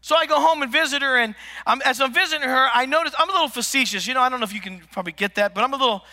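A middle-aged male preacher tells joking stories and keeps prodding his congregation to respond. His voice sits high and sounds sharp and bright. Long reverb from the church sanctuary trails after his words. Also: very fast. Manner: animated, joking, talks to the congregation. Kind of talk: humorous storytelling sermon.

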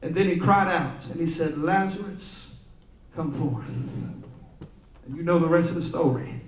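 A man preaching a sermon as pastor, swelling into chanted, sing-song peaks and dropping low and soft when quoting scripture. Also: quick pace, far from the mic. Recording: roomy church hall with music behind.

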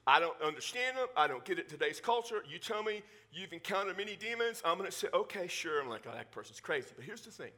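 A male pastor preaching a sermon in a conversational, animated way, with joking asides to the congregation. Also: high voice. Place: church.

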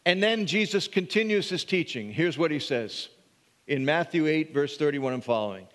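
High-voiced preacher in a ringing hall. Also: male voice, normal speed. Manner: animated, repetitive restarts. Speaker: pastor. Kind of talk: sermon. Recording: long reverb of a hall.

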